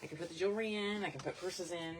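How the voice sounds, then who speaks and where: A woman's voice: lowish voice, fast, a little hiss or hum. A woman vendor chatting casually and rambling as she shows her items in a selling vlog. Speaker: vintage and jewelry vendor.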